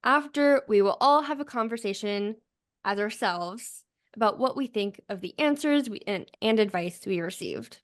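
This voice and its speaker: A woman's voice: medium pitch, lively intonation, normal speed, no room sound, clean studio sound. Chatty woman co-hosting a marketing panel. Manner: chatty, many filler "like"s. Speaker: host. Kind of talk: casual chat.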